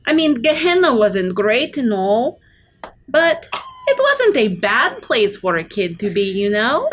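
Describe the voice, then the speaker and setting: A gourd-headed scarecrow, as a woman puts it on, childlike and matter-of-fact, drifting slowly through its words with a lively, high-leaning voice. Faint ambient noise hangs behind it. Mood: plaintive.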